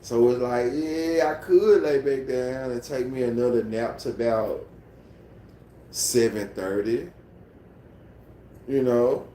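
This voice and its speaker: A man's voice: medium pitch, slow, pauses often, dark tone, a little hiss or hum. A man with a Memphis accent chatting casually on a phone livestream at home, sleepy and laid-back, with a repetitive, mumbled drawl. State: sleepy, just woke up.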